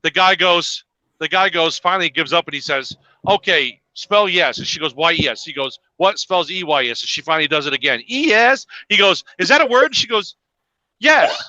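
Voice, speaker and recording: A man chatting as a guest on a live call, telling stories in an animated way with many fillers, on muffled call audio. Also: fairly high pitch, fairly quick, no room sound. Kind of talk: casual chat.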